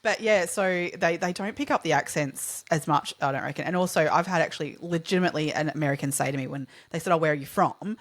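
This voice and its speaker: Aussie woman on a podcast, telling stories, laughs a lot, lowish voice. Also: quick pace, few pauses. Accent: Australian. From Australia. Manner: animated storyteller, laughs often. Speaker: podcast co-host. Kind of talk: casual chat.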